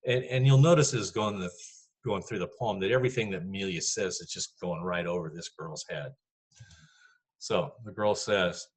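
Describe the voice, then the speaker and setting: A man's voice: low voice, moderate pace, slightly rough. A man teaching a poetry class in a chatty, rambling lecture full of fillers.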